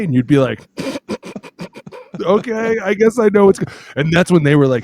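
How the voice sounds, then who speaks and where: A man co-hosting a casual podcast, a former lineman telling animated stories and acting out teammates' shouted calls, swearing freely. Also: normal speed. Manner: animated storyteller acting out teammates' calls in loud high voices.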